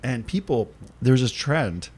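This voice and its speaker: A man's voice: medium pitch, animated, slow, a little mellow, breathy edge. A man co-hosting a podcast, telling rambling stories in casual chat and swearing freely. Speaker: podcast co-host.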